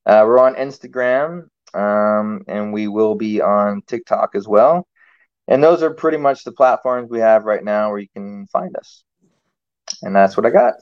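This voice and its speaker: A man joining a casual podcast as a guest, talking in a slow, deliberate, plain-spoken way. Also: on the low side, no echo. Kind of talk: casual chat. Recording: dull, muffled remote line.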